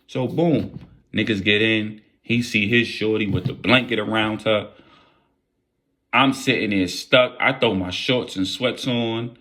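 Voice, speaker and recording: A young man casually telling a wild story in a vlog, with animated, profane street slang. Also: lowish voice, unhurried.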